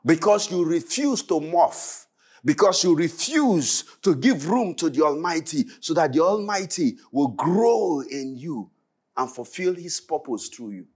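Impassioned high-voiced male preacher. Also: sing-song, unhurried, breathy edge. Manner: impassioned, swings from loud crying out to low pleading. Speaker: pastor. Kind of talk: preaching a sermon at a Bible study.

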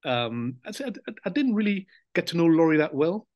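An older man, a former footballer, recounting memories in a relaxed, reflective way with fillers and soft laughs. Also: on the high side, fairly quick, no room sound, lo-fi sound. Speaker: interview guest, former footballer. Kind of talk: casual reminiscing interview.

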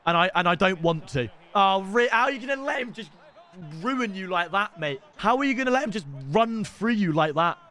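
An excitable young man streaming a football game, his voice sitting notably high. He chats loosely with viewers in slangy banter and breaks into loud shouts when things go his way. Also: a little fast. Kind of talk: live gameplay commentary.

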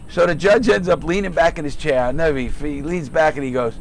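A middle-aged man hosting a podcast, telling stories in a casual, profane, animated way and acting out other people's voices. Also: fairly high pitch, normal speed, slight background noise. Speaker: podcast host. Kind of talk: casual storytelling chat.

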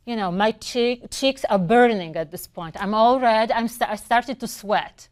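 A woman's voice: fairly high pitch, measured pace. A middle-aged woman, a non-native English speaker who teaches English, telling personal stories in a conversational way with small restarts. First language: not English. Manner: conversational, with brief restarts and fillers. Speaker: English instructor. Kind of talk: personal storytelling.

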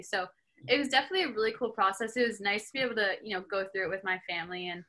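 A young Canadian woman, a hockey player appearing as a podcast guest, chats casually in an interview, using lots of filler words. Her mid-range voice moves quickly, bright and forceful.

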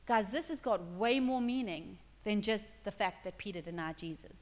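A woman's voice: mid-range voice, lively intonation, moderate pace, few pauses. A woman pastor preaching a sermon in a conversational way, acting out dialogue and checking in with her listeners. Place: church hall. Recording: long reverb in a church hall.

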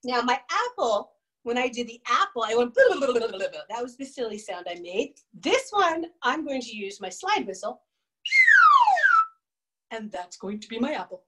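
A woman teaching a children's music and movement class, singing songs and chanting with young kids. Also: fairly high pitch. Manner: sings and chants songs, bright and coaxing with kids.

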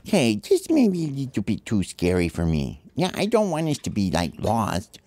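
A man voicing a nervous, excitable pal who fires off worried questions. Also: moderate pace, husky, no echo. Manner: anxious, questioning, high and excited. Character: nervous excitable pal Smalls, eager but scared.

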